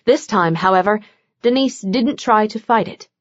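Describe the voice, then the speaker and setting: A woman narrates a novel in a steady, measured scripted reading. The recording is dry and a bit muffled, with no room echo. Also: medium pitch. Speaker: audiobook narrator. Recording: dull, dry lo-fi audio.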